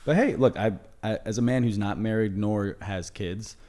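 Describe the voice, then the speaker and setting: A man's voice: lowish voice, moderate pace, warm tone. A young man co-hosting a comedy podcast, talking in a laid-back, hedging way full of "you know". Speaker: podcast co-host. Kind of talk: casual comedic chat.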